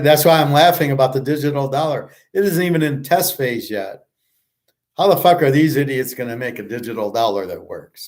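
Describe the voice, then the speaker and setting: Man, casual monologue, blunt, profane, scoffing, rambling, mid-pitched voice. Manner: rambling with many restarts. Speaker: show host and handicapper.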